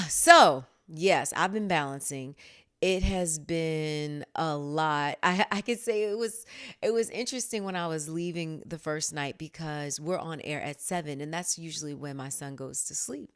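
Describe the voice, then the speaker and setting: A woman in her thirties hosting a podcast in a casual solo chat, laughing often and acting out quotes in a higher voice. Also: lively intonation, a little slow, a bit bright, clean tone. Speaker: podcast host.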